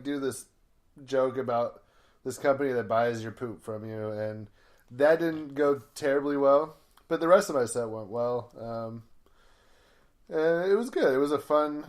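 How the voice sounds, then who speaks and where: A man, a comedian, telling long rambling stories in casual podcast chat, full of fillers and swearing. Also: medium pitch.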